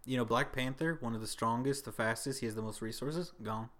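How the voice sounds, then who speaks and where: A young man chatting into his podcast mic with an easygoing, rambling manner. His pitch sits in a plain middle range, and he laughs his way through tangents. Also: a little fast, fairly bright tone. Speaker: podcast co-host. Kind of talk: casual chat.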